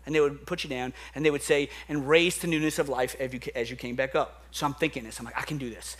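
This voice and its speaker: A man's voice: a little high, fast talker, few pauses, fairly bright tone. A young man preaching an earnest, emphatic sermon to a church congregation, often repeating words as he builds up. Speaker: pastor. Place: church sanctuary.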